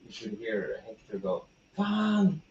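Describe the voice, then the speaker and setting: A man's voice: lowish voice, sing-song, normal speed, gravelly, a little mellow. A man chiming in from the background with brief, offhand remarks. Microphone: off-mic, across the room. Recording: distant, dull lo-fi sound.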